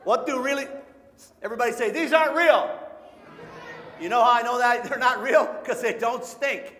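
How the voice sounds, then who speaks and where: A man's voice: very high voice, fairly quick, pushed and bright, some chatter behind. Playful man leading a call-and-response nature talk. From Michigan. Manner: playful, call-and-response, sings short songs. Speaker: nature educator. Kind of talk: live audience presentation for families. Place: large hall with an audience. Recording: echoey hall.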